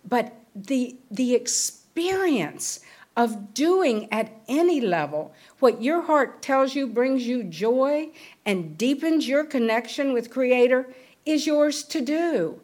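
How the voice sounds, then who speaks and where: A woman's voice: high voice, animated, takes it slowly, a little mellow. A middle-aged woman giving a sermon, telling a story and acting out the scenes with shifting voices. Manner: storytelling, acts out film scenes in varied voices. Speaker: spiritual speaker.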